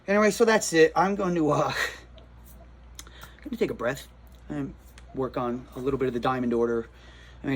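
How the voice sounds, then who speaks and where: A man with a New Jersey accent, a comic shop owner, telling a rattled, rambling story in a casual vlog, full of restarts and repeated words. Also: medium pitch.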